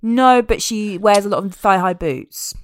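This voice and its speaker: A woman in casual chat, recapping a film with animated, wry asides. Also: mid-range voice, a little slow, dry recording.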